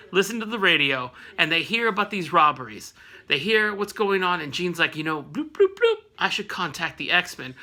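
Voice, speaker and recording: A man with a high, very bright voice talks through a comic issue in a loose, rambling way. He keeps breaking off into jokes and side comments to his viewers. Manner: rambling, joking asides, frequent laughs. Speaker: comic book recap host. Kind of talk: casual comedic comic recap.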